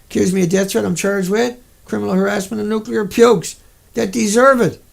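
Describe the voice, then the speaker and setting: A man ranting into his camera, indignant and sarcastic, swearing freely. His voice is high for a man and thick with a gravelly fry. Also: fairly even intonation, a little fast. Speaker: vlogger. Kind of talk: angry monologue rant.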